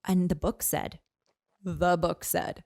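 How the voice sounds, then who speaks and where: A woman in her thirties talks through her own story as a podcast guest, earnest and animated, scattering "like" and "you know" as she goes. Her voice is dark and mellow, with a gravelly fry in it. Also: lowish voice, takes it slowly, no echo, clean studio sound. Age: 30s. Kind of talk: personal storytelling in conversation.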